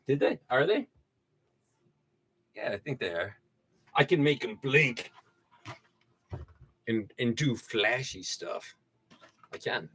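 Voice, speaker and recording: Goofy, bright-voiced man hosting a livestream. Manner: goofy, rambling, self-mocking, breaks into laughter and high excited yelps. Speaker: livestream host. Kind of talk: casual livestream chat.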